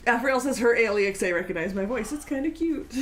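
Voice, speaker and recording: A woman's voice: a little high, expressive, quick pace. A woman hosting a home cooking show, chatting casually and teasing her partner with dry humor. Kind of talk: casual chat while baking.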